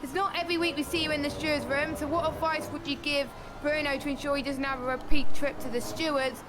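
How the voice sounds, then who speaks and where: A woman's voice: high voice, little pitch movement, fast. A woman co-commentating on an online sim racing league, chatty and a bit hesitant.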